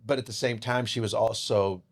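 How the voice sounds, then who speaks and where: A man guest on a podcast, telling an emotional personal story, who swings from loud and animated to hushed and tearful and swears casually. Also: lowish voice, fairly quick, vocal fry. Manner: swears casually, calls listeners dude.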